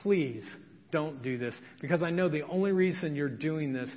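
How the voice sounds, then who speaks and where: Man putting on a quiet low-voiced army general, begging, hushed, long hall echo, muffled sound. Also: moderate pace, close to an everyday voice. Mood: pleading. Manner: soft, urgent begging. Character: pleading male army general, lifelong friend. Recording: reverberant church hall, dull sound.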